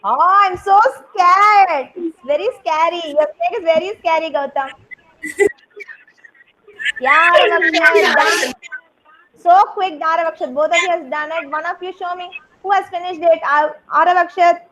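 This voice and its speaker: A woman's voice: extremely high pitch, fairly even intonation, normal speed, long pauses, a loud crowd, poor audio. A young woman with an Indian English accent, teaching a kindergarten craft class over a video call and praising each child by name. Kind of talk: online class instruction.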